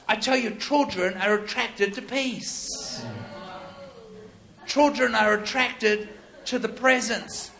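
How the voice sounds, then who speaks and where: High-voiced, emphatic male preacher. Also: fairly even intonation, slow, creaky, pauses often, sharp tone. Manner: storytelling, emphatic, conversational. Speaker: pastor. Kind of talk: sermon.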